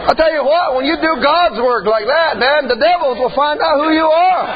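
A man's voice: very high-pitched, normal speed, crowd noise. A man preaching a sermon in a folksy, emphatic way, punctuating his points with "amen" and "man". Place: church service. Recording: muffled recording with faint hum.

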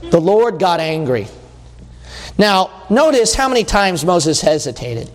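Male preacher, high voice, emphatic, drawn-out stresses then fast runs, church hall with long reverb. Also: very animated. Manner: emphatic, asks the listeners questions; shifts between slow stresses and quick bursts. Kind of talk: sermon.

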